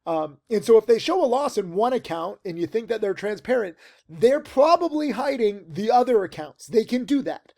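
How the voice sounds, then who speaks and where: High, gravelly-voiced man rambling about trading. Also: lively intonation, normal speed, a little mellow. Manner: rambling, filler-heavy, emphatic. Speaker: stock trading teacher. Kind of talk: casual video monologue. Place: tent outdoors.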